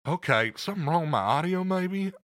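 A man's voice: fairly high pitch, expressive, a little fast, fairly bright tone, no echo, clean studio sound. A man from Beaumont, Texas with an East Texas accent, chatting casually and joking over a remote call. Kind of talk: casual podcast chat. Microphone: headphones on a remote call.

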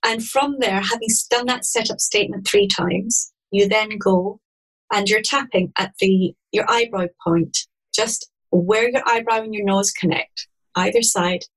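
A woman explaining a tapping technique step by step, in a gentle and calm manner. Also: medium pitch, a little slow, rough recording. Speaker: EFT practitioner guest. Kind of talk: guided instruction in an interview.

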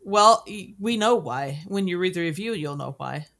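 A woman co-hosting a podcast in casual chat, agreeable and quick to laugh. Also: fairly low pitch, expressive, fairly bright tone. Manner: laughs often, agreeable interjections. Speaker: podcast co-host.

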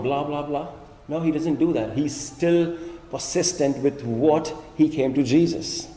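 A man preaching a sermon as pastor, animated, often voicing imagined speakers in his asides. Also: mid-range voice, normal speed, roomy sound, big-room sound.

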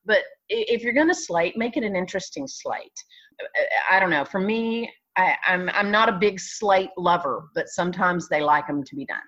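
A woman's voice: on the low side, normal speed, a bit bright, highs cut off. A woman who owns a talent agency, speaking frankly in an interview and often restarting her sentences. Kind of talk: conversational interview.

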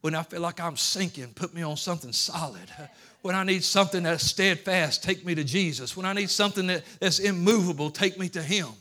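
Bright-voiced man preaching a rousing sermon. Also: sits high, a little fast. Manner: preaching, building to loud shouted cries; folksy Southern-style grammar like ain't and gonna. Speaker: pastor. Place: church sanctuary.

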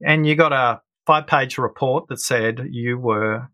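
A man's voice: mid-range voice, measured pace, sharp tone, slight background noise. A middle-aged man, a guest in an interview, explaining ideas and telling personal stories in an engaged, storytelling way. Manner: storytelling, explanatory, acts out quoted voices. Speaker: guest, listening expert. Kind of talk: conversational interview.

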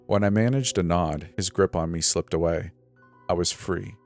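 A very deep male voice reads a creepy story in a steady, measured way. Faint music plays underneath the narration. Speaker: narrator of scary stories. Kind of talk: scripted narration. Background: faint background music.

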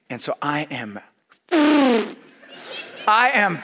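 A middle-aged man telling a humorous story to an audience, lively and full of restarts. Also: unhurried, long pauses, husky. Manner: animated, with big swings in pitch and loudness; repeats and restarts phrases as he talks.

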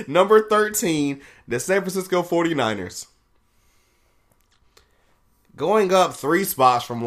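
A man hosting a casual podcast, reading a sports ranking list out loud and laughing and swearing at the results. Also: a little high. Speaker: podcast host.

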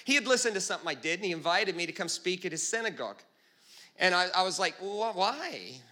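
A man preaching a comedic sermon, telling stories as an animated storyteller with quick jokes and asides. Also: high voice.

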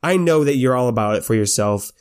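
A man's voice: mid-range voice, animated, fast, clear, resonant tone, lightly acted. A man voicing a resentful young male mobster son who makes bitter accusations.

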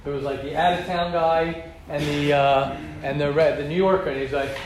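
A middle-aged American man giving an informal religious lecture to a group in a study hall, animated and repetitive, acting out quoted speech. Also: on the high side, fairly quick, hardly any pauses. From United States. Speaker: Torah class teacher. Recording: roomy hall, faint ambient noise.

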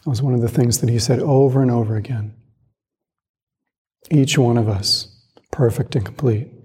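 Male Zen teacher, calm and measured dharma talk, husky mellow voice, long reverb of a hall. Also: medium pitch. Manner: calm, reflective, measured with pauses.

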